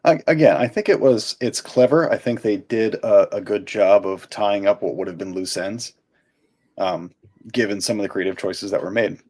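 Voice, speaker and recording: A man co-hosting a podcast, chatting casually and reading an episode recap, with thoughtful, halting restarts. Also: fairly low pitch, a little mellow. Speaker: podcast co-host.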